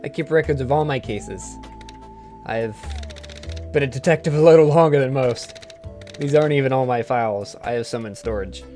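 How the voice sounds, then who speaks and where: A wisecracking ghost gumshoe, read out by a man in a dry, world-weary tone and a middling pitch. The game's music plays faintly behind him. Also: normal speed, mellow, close to an everyday voice. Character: wisecracking ghost private detective man, hard-boiled.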